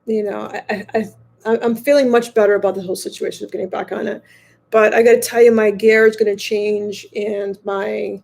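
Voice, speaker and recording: A woman in her fifties chatting casually to viewers from a hotel room, rambling and halting with many fillers and restarts. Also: medium pitch, gravelly, a little mellow. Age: 50s. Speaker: motorcycle vlogger.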